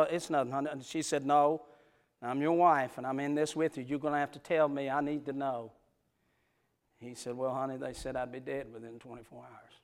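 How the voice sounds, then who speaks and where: A man preaching a sermon, telling stories, swinging from loud hollering to soft, tender passages in a folksy Southern preaching cadence. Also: on the high side, clean tone. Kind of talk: sermon with storytelling.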